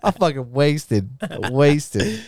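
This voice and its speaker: A man co-hosting a podcast, telling a rowdy story in casual chat, swearing a lot, laughing often and acting out his own quoted lines in a higher voice. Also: very animated, drawn-out words, a little mellow, dry recording, studio quality. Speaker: podcast co-host.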